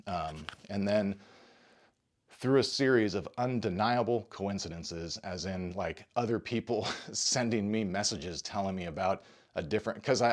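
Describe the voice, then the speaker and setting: A man with a deep, low voice speaks earnestly to the camera about his own struggles. He talks in a confessional way, halting and restarting as emotion catches him. He sounds slightly short of breath. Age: adult parent. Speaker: video creator and podcaster. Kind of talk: personal testimony to camera.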